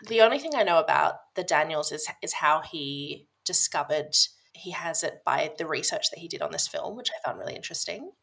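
Gravelly-voiced woman telling her story. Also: low-pitched, animated, fairly quick, hardly any pauses, fairly bright tone. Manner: chatty, lots of "like" and restarts. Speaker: podcast guest. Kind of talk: casual personal storytelling.

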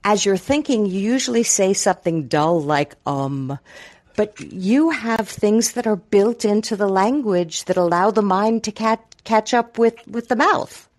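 A woman's voice: medium pitch, expressive, measured pace, darkish tone. A woman hosting an interview, curious and asking follow-up questions in casual chat. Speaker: interview host.

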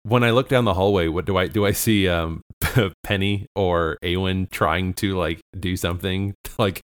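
A man plays in a tabletop game, talking hesitantly with stumbles and bursts of laughter. His voice is very deep. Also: steady tone, moderate pace, smooth. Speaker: player.

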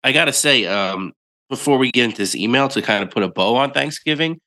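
A man's voice: medium pitch, animated, brisk, bright, forceful tone. A man co-hosting a podcast in casual chat, sounding nasal and congested from a cold, joking and reading a listener email aloud. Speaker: podcast co-host.

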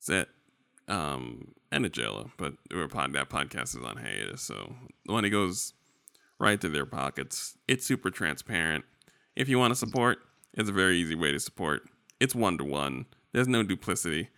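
A man's voice: low-pitched, sing-song, normal speed, creaky, bright, forceful tone, smooth, dry recording, studio quality. A man co-hosting a podcast in casual, rambling, joking chat. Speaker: podcast co-host.

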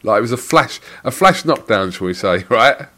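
A man's voice: mid-range voice, expressive, moderate pace, pushed and bright. A man hosting a podcast, telling a story in casual chat with banter and swearing. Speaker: podcast host.

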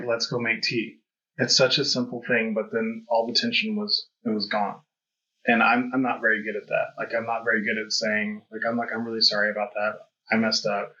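A man hosting a casual podcast conversation, speaking in a low, fairly flat voice with a bright, forward edge. He talks candidly and reflectively, with plenty of fillers. The audio is dull and lo-fi. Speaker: podcast host.

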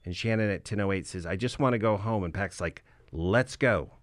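A man's voice: on the low side, normal speed, no room sound, studio quality. A man co-hosting a podcast, talking casually and quoting lines from a recorded call as he goes. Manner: conversational, quotes the recording as he talks. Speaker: podcast co-host.

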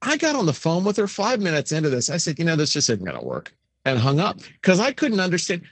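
A middle-aged man co-hosting a casual podcast, crude and animated, breaking into loud impressions. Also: fast talker, husky, dry recording. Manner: animated, crude, bursts into high shrieking impressions. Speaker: co-host.

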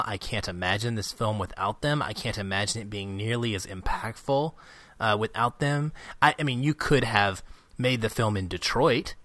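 A young man co-hosting a casual film podcast, talking in an animated, rambling way and often breaking into laughter. His voice is on the low side yet bright and sharp. The sound is very dry and close. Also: no echo. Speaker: podcast co-host. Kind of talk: casual movie review chat.

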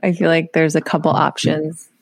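A woman's voice: deep voice, flat delivery, moderate pace, vocal fry, no room sound, clean studio sound. A woman co-hosting a casual podcast chat, teasing and joking. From Minnesota. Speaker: podcast co-host.

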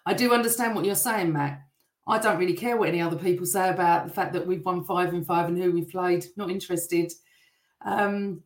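A middle-aged woman hosting a live stream, chatting and greeting viewers by name while reading their comments, her voice still a little rough. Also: mid-range voice, animated, normal speed, echoey room.

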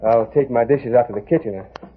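A man's voice: mid-range voice, a little fast, slight background noise, close to an everyday voice. A man playing an earnest young male ranch foreman and reformed outlaw with a cowboy drawl, in 1940s radio acting. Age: young adult. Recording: tinny old radio broadcast.

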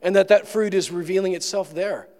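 A man's voice: sits high, fairly even intonation, a little fast, a little mellow. A male pastor giving a sermon in a conversational manner, with joking asides. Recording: long reverb of a large room.

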